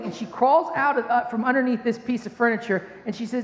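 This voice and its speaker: A man in his thirties preaches a sermon in a relaxed, self-deprecating manner, weaving in everyday anecdotes. His voice sits noticeably high for a man. The sound carries the long, echoing reverb of a large church hall. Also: a little fast, highs cut off. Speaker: pastor. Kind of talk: sermon with personal storytelling.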